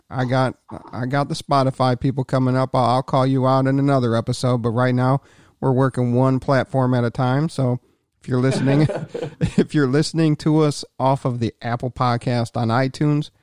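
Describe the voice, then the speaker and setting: A man's voice: medium pitch, a little mellow, no echo, studio quality. A man hosting a casual podcast chat, rambling a little with restarts and fillers. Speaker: podcast host.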